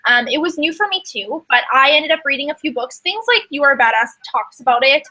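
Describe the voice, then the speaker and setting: A young woman coaching in a casual motivational talk, animated and emphatic, acting out quoted inner voices. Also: sits high, a little fast, poor audio. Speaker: network marketing coach.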